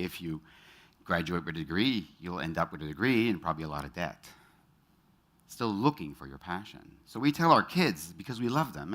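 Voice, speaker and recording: On stage before a live crowd, a middle-aged motivational speaker tells personal stories in a low voice with a bright, forceful edge. He keeps the audience involved by tossing out quick show-of-hands questions.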